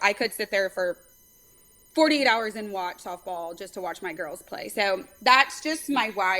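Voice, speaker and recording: A woman from California, a softball pitching coach and a mother, talking earnestly as a guest in an interview, quick to fill pauses with "um" and "like". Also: poor audio. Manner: talkative, earnest, many fillers. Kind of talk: casual interview chat.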